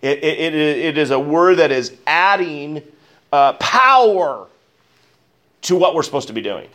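A pastor preaching a sermon, emphatic, rising on key words and dropping low, asking the congregation questions. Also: male voice, very animated, unhurried, sharp tone. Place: church.

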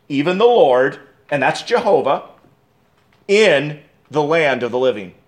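A man delivering an expository sermon as pastor, preaching emphatically with dramatic pauses and restarts. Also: on the high side.

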